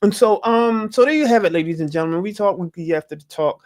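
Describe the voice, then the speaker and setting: A man's voice: high voice, fast. A man hosting a casual talk show, playful and slangy, hyping the show. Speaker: host.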